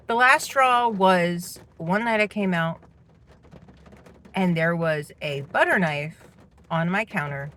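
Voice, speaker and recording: In a personal vlog monologue, a middle-aged woman with a lowish, sharp-toned voice vents indignantly. She's a parent telling a personal story about her household.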